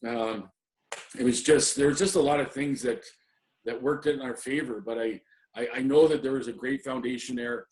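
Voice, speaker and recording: A man's voice: medium pitch, steady tone, moderate pace, a little mellow. A middle-aged man, a former assistant hockey coach, reminiscing in an interview with many ums and restarts. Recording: roomy echo.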